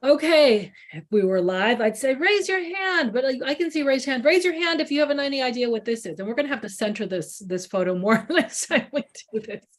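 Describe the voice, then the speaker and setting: A woman journalist with a Chicago accent giving a relaxed library book talk, telling stories and acting out the people she quotes. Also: on the high side, fairly quick. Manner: chatty storyteller, acts out quoted people. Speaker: culinary journalist, author. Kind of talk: library book talk over video call.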